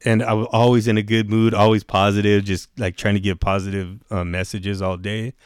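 A man telling youth camp stories in casual chat, swearing a lot and calling his listener bro, acting out the shouting. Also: fairly low pitch, flat delivery, brisk, smooth, no room sound, clean studio sound. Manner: profane, slangy, keeps saying bro; acts out quoted yelling in raised voice. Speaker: guest, youth camp director.

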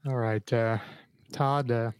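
A man's voice: mid-range voice, fairly even intonation, slow, slight background noise. A man hosting a quiz on a podcast, easygoing and stop-start. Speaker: quiz host. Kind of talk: casual chat.

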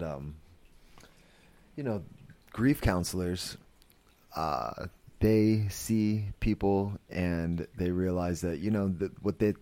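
A man with a low voice talks through his podcast in a casual, wandering way. He restarts his sentences often and fills the gaps with "like" and "you know". He sounds earnest and easily moved. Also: mellow. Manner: rambling, with many fillers and restarts; earnest and emotional. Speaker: podcast host. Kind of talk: casual spoken commentary.

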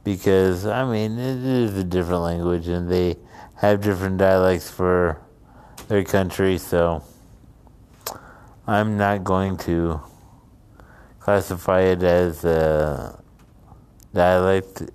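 A man's voice: sits low, fairly even intonation, takes it slowly, pauses often, a little mellow, clean tone. A man from the United States telling a casual story and rambling into musings. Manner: rambling, drifts between anecdote and musing.

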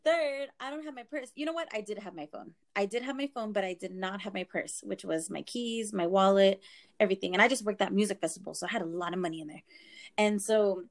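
A woman in her twenties telling a story in casual talk, animated, saying "like" a lot and swearing freely. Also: medium pitch, fast.

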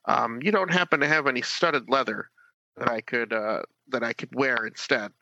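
A man's voice: medium pitch, normal speed, creaky, pushed and bright, dry recording, muffled recording. A man as a player in a tabletop game, speaking politely and earnestly in character. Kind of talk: tabletop role-play.

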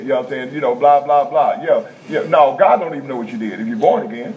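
A man's voice: medium pitch, expressive, quick pace, hardly any pauses, slight background noise. A male preacher, preaching a folksy, repetitive sermon in a prison chapel that builds to emphatic bursts. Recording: dull lo-fi recording, faint room ambience.

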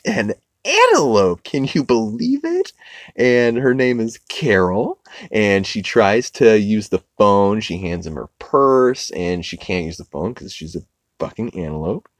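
A man's voice: on the low side, no echo. A young man hosting a podcast, recapping cartoons in a loose, rambling way, swearing freely. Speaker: podcast host.

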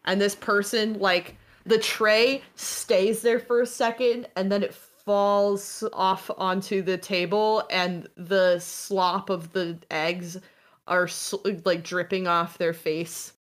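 A woman's voice: medium pitch, flat delivery, slow pace. A woman narrating a tabletop game as game master, playful and given to laughing.

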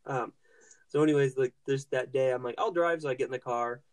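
A man's voice: medium pitch, little pitch movement, fairly quick, a little mellow. A young man hosting a podcast, telling a rambling, swear-heavy story with lots of restarts and fillers. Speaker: podcast host. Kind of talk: casual profane storytelling.

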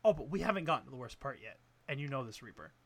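Talking very fast over background music, a medium-pitched speaker with big pitch swings vents about a video game. The delivery is sarcastic, profane, and exasperated, rambling and constantly restarting sentences.

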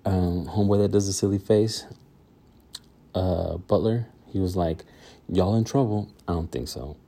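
A man's voice: deep voice, moderate pace, creaky, mellow. A man hosting his own podcast, chatting loosely on his own with lots of fillers and restarts. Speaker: podcast host. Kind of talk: casual solo podcast chat.

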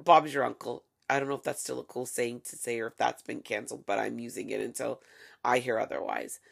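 A woman's voice: rumbling low, steady tone, quick pace, creaky. A woman hosting a casual solo podcast, delivering sarcastic, profane, gossipy commentary. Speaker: podcast host.

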